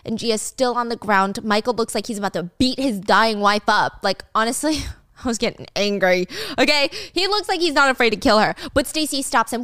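A woman's voice: on the high side, lively intonation, normal speed, a bit bright, no room sound, studio quality. A woman hosting a casual drama recap, chatty and blunt, with casual swearing. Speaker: host.

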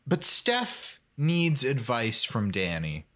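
A man's voice: mid-range voice, sing-song, takes it slowly, fairly bright tone. A man co-hosting a podcast, recapping a show in casual chat with dry joking asides. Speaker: podcast co-host.

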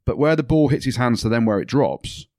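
A man's voice: medium pitch, fairly quick, no echo. A man co-hosting a rugby podcast in a studio, chatting casually, laughing often and telling stories with energy. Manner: laughs often, animated storytelling. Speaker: podcast co-host, rugby commentator. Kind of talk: casual chat.

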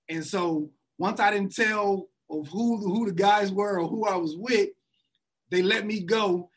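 A man's voice: high voice, unhurried, slight background noise. A man telling a wild story from his youth in a casual chat, laughing often and acting out what people said. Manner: animated storyteller, laughs often, acts out quotes.

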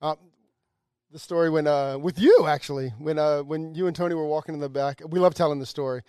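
Man podcast co-host, fast talker, higher voice, dry close sound, laughs a lot. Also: mellow, clear, resonant tone, no room sound. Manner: quick, laughing, self-deprecating. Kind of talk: casual chat.

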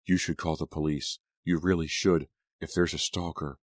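A man's voice: extremely low pitch, level tone, moderate pace, no echo. Man voicing a worried teenage girl. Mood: concerned.

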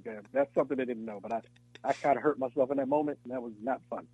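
A man, an actor, talking in a relaxed interview and telling animated stories, acting out voices and laughing often. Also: medium pitch, rapid-fire, husky, no echo, lo-fi sound. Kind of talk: casual interview chat.

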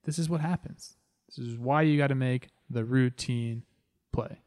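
A man in his thirties tells a story about his playing days over game footage, animated and ready to poke fun at himself. His voice sits in the middle range for a man. The sound is close and dry, with no room around it. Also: medium pitch, moderate pace, no echo. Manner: animated, self-deprecating, chatty. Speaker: host, former pro baseball player.

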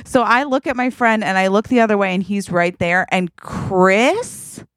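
A young adult woman co-hosting a podcast, telling a story in an animated, dramatic way and tagging lines with "okay?". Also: mid-range voice, normal speed, dry recording, clean studio sound. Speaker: podcast co-host. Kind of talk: casual storytelling chat.

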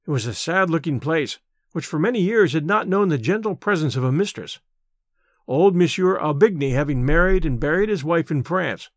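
A man narrating a classic short story in expressive, scripted storytelling, slowing down for vivid imagery. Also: a little high, dry recording, clean studio sound. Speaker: audiobook narrator.

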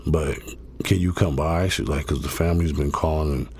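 A man's voice: extremely low pitch, fairly even intonation, normal speed, a little mellow, slightly rough. A man guest telling a long story in a laid-back, profane way, full of fillers. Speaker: interview guest. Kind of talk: casual storytelling.

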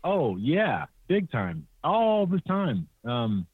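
A young Californian man speaks slowly with a breathy edge, telling hunting stories as a podcast guest in casual conversation. He acts out other people's lines in a raised, higher voice and laughs often. The remote call audio is tinny and dry, with no room sound.

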